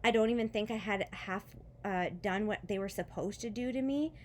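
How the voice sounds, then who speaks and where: A mother who vlogs shares a casual testimony about her faith since her foot surgery. She speaks in a mid-range voice at moderate speed, with a little hiss or hum in the background, sounding sincere and chatty despite being in pain, laughing briefly and using lots of fillers.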